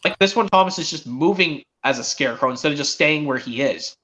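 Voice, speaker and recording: A man's voice: fairly high pitch, animated, quick pace, fairly bright tone. A teenage boy streaming, chatting eagerly in a rambling way with many restarts. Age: teens. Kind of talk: casual chat.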